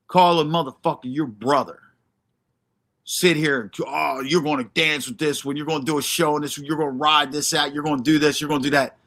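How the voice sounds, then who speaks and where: Brash male streamer, bright edgy tone, a bit high, profane and combative while calling out rivals. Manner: brash, profane, confrontational, answers chat by name. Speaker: livestream host. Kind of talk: ranting livestream commentary.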